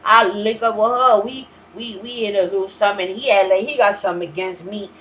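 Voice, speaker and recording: A woman's voice: mid-range voice, brisk, a bit bright. Blunt, profane woman storyteller. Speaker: talk show host. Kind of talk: casual monologue. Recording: dull, slightly lo-fi recording with faint hiss.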